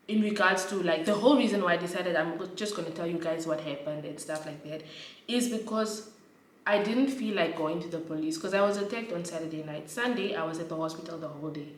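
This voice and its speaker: A woman, a vlogger telling a story to camera in an animated, emphatic way. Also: lowish voice, a little hiss or hum. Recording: roomy echo, distant from mic.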